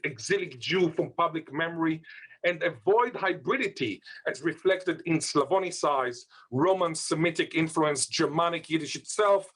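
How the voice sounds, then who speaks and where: Husky-voiced man giving a scholarly lecture. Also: fairly high pitch, a bit bright. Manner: scholarly, with playful asides. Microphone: video call.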